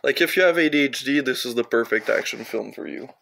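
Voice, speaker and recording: A man's voice: medium pitch, fast, vocal fry, a bit bright, slight background noise. A young man from Canada rambling casually through his film collection, with offhand, profane asides.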